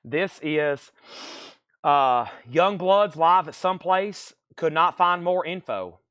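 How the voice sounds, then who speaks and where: A man running a livestream vinyl record auction with a quick, steady patter of grades, prices and bids, coughing now and then from allergies. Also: a little high, clean tone, dry recording. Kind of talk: fast live-sale patter.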